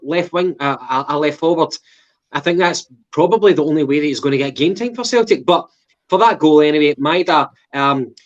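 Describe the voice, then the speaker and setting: A man from England co-hosting a football podcast, reviewing a match in casual, swearing, teasing banter. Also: on the high side. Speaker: podcast co-host. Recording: lo-fi muffled audio.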